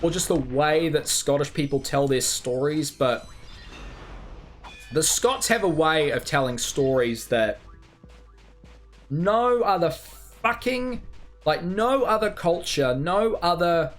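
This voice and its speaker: A New Zealand man talks on a game livestream, his voice sitting a little high and swinging widely in pitch as he rambles. He cracks crude jokes and chats loosely with viewers. Soft game music plays underneath. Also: expressive, slow pace, pauses often. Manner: rambling, joking, crude banter. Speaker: game streamer. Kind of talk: casual livestream chat.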